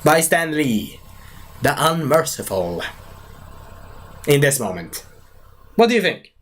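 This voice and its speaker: A young man giving a casual live movie review, rambling and excitable, with lots of fillers and broken grammar. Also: a little high, takes it slowly.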